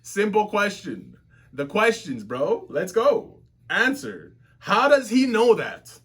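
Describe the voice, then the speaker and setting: A man reacts to a comic in a casual, slang-heavy way, full of exclamations. His voice sits high for a man. He talks at an unhurried pace between his outbursts. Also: wildly swooping pitch, a bit bright, husky. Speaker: webtoon reactor.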